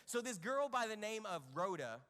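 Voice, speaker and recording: High, lively man telling kids a story. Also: moderate pace, long reverb tail. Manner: animated, asks the children questions. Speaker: children's ministry leader. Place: church kids' room stage.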